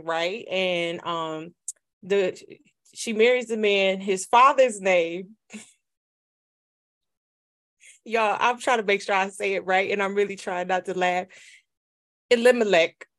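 A woman's voice: mid-range voice, expressive, slow, pauses often, a bit bright. Woman, podcast co-host, casual chatty storyteller. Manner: chatty, laughs while retelling a Bible story. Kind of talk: casual faith podcast chat.

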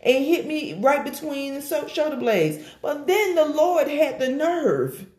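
A woman sharing a personal church testimony in an animated storytelling way, acting out the voices of the people in it. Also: sits high, a little slow. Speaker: guest. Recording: echoey room.

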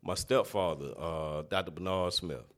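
A man's voice: deep voice, moderate pace, fairly bright tone. A man with a New Orleans accent, a podcast guest telling stories in a laid-back way and laughing often. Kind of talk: casual storytelling.

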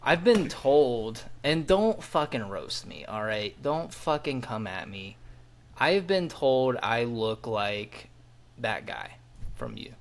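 A man's voice: mid-range voice, sing-song, slow pace. A young man co-hosting a podcast, trading crude jokes in casual banter. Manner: joking, crude, jumps into bits. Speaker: podcast co-host.

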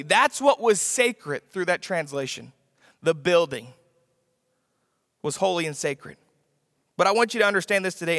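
A man's voice: high-pitched, sharp tone, studio quality. A man preaching a sermon with emphasis, repeating his key lines for the congregation to write down. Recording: long reverb of a large hall.

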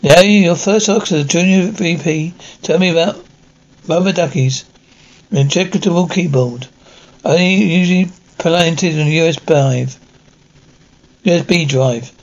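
An actor playing a stern male executive who briskly questions an employee in a television drama. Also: a little high, dull audio. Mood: probing.

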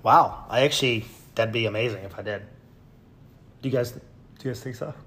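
A man hosts a casual podcast, reading online comments aloud and tearing into them with sarcasm. His mocking commentary runs in an ordinary middle-pitched voice and breaks now and then into a loud, high yell. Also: a little fast. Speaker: podcast host.

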